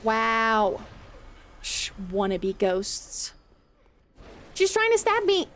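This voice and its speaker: A woman streamer talks to her chat while she plays, reacting out loud and swearing casually. Her voice sits high and bounces around a lot. She takes her time with the words, unhurried between reactions. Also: very animated. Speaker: game streamer. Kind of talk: live gameplay commentary.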